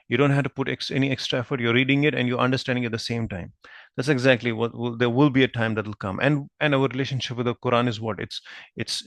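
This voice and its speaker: A man teaching Arabic grammar with patient repetition, often checking understanding with a quick "right?". He spells out verb forms slowly, syllable by syllable. His voice sits at an ordinary middle pitch and sounds dry and close to the mic. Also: no room sound. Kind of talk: online grammar lesson.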